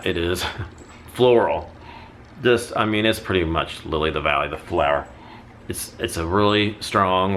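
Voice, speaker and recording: Low-voiced man chatting about candles. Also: a bit bright, a little hiss or hum. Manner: chatty, rambling, with self-corrections. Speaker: candle haul vlogger. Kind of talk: casual product review.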